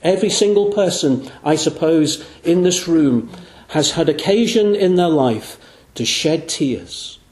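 A man with a fairly high voice preaches an evangelistic sermon in a church. He is earnest and lets his voice sink low and slow on the phrases he wants to land. The room around him rings with echo. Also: animated, a little mellow. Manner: earnest, slows and drops low on key phrases. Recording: echoey room.

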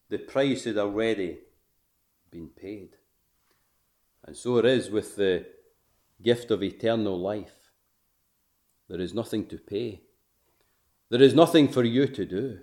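A man preaching a gospel sermon, emphatic, swelling to forceful peaks and then dropping to hushed endings, asking his listeners questions. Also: mid-range voice.

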